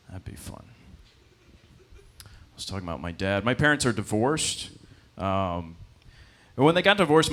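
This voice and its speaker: A man in his twenties performing a stand-up comedy set, telling stories with deadpan asides and jumping into high-pitched voices for the characters he quotes. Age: 20s. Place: comedy club stage.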